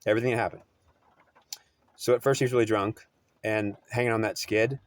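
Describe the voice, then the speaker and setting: A man's voice: lowish voice, steady tone, brisk. A man telling a story in a rambling, repetitive way, often restarting and correcting himself. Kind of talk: oral storytelling.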